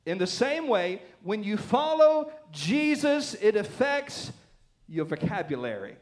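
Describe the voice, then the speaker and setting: A man's voice: high voice, very animated, measured pace. A man with a Southern American accent preaching a sermon as a pastor, folksy and joking, checking in with the congregation often. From Southern United States. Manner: folksy, joking, lots of "right?" and laughter.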